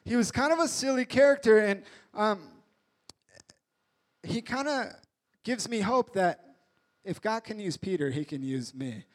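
A man preaching a casual, jokey sermon, retelling a story in a lively way with acted-out voices. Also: sits high, unhurried, long pauses.

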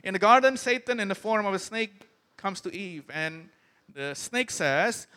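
A man's voice: high voice, lively intonation, a little slow, pushed and bright. A man preaching a sermon, emphatic and often turning to the congregation with questions. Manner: emphatic, asks the crowd questions.

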